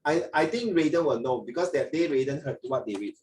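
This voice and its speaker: A man's voice: fairly high pitch, animated, a little fast, hardly any pauses, darkish tone, roomy sound, distant mic, a little hiss or hum, low-quality recording. A man with a Singaporean English accent tutoring children in an online English lesson, rambling with many fillers and restarts. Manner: rambling, frequent fillers and restarts, mixes in Mandarin.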